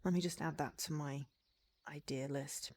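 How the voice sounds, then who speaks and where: A woman's voice: low voice, steady tone, normal speed, a little mellow. A woman streamer reading a visual novel on stream, chatting and musing aloud about the wording.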